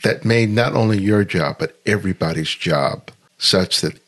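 A man interviewing a guest, asking questions in a measured, slightly hesitant way. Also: low-pitched, fairly bright tone.

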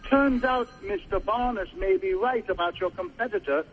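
A man playing a pompous old-fashioned gentleman caller. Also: high-pitched, moderate pace. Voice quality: affected, old-fashioned phrasing. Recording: muffled phone line with faint hiss.

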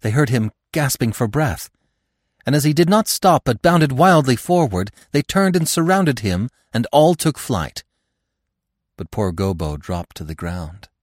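A man narrating a classic novel in an expressive, dramatic storytelling manner. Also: mid-range voice, measured pace, no room sound, studio quality.

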